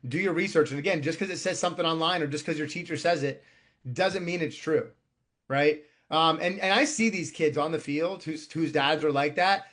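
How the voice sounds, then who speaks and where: A man's voice: on the high side, moderate pace, a bit bright. A man in his thirties, a youth baseball coach and podcast guest, talking bluntly and profanely in casual chat. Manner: blunt and profane, heavy on filler words.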